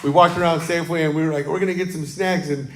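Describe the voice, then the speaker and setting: A man's voice: a little high, fairly even intonation, quick pace, slight background noise. A man preaching as pastor, telling casual stories to his congregation and often adding "amen.". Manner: chatty, warm storytelling with frequent "um" and "amen". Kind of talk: casual sermon talk to a congregation. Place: church sanctuary, livestreamed. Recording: roomy church sanctuary sound.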